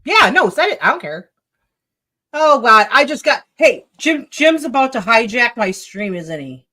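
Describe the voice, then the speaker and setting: A woman's voice: on the high side, big pitch swings, a little slow, pushed and bright. A woman hosting a casual livestream chat, talking loosely and offhand with guests and laughing easily. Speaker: livestream host.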